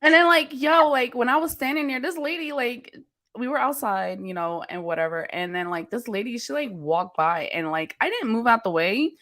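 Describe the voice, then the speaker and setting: A woman from Pennsylvania hosts a casual chat, her voice on the high side, animated, a bit bright, and at a moderate pace. She tells stories candidly, laughing and swearing along the way.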